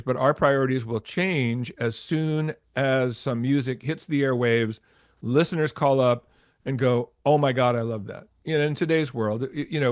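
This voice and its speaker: A man's voice: mid-range voice, dry recording. Older male guest, storyteller, acts out dialogue, dry close sound. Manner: animated anecdotes with acted-out quotes, frequent restarts. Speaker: former record label promotion executive, guest. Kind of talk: storytelling interview.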